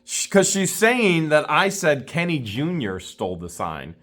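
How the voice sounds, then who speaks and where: A man's voice: fairly high pitch, big pitch swings, measured pace, fairly bright tone. A man vlogging an indignant, scornful rant to camera, repeating himself for emphasis. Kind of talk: ranting commentary to camera.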